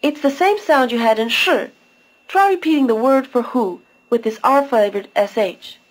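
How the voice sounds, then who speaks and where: A woman with a fairly high voice narrates a recorded language lesson. She talks slowly and clearly, explaining pronunciation one step at a time. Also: poor audio. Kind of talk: scripted instructional narration.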